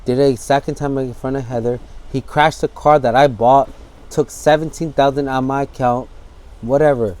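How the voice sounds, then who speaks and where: Man with an average-pitched voice, giving a candid interview, acting out the scenes and swearing as he goes. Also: steady tone, moderate pace, darkish tone. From San Francisco Bay Area. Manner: vivid storytelling, acts out scenes, swears freely.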